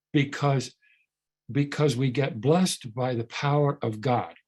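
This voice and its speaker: A man's voice: mid-range voice, a little mellow, husky. An older man speaking at a recovery workshop, telling a story in a rambling, earnest way with many restarts and repeated words.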